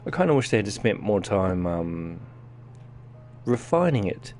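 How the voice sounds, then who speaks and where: A man's voice: lowish voice, big pitch swings, measured pace, darkish tone, a little hiss or hum. A man with a New Zealand accent giving casual live-stream commentary while playing a game, chatting to his viewers as he goes. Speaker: gaming streamer.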